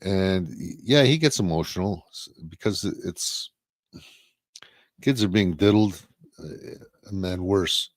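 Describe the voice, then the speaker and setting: A man's voice: low voice, unhurried, pauses often, no room sound, clean studio sound. A man co-hosting a casual live-stream talk show, blunt and profane, firing off rhetorical questions. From Canada.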